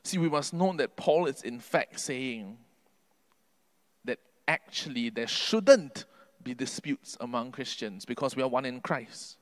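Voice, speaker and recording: A man's voice: animated, measured pace. Earnest man preaching a sermon. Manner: earnest, rising to emphatic peaks then dropping low. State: can't sing due to covid.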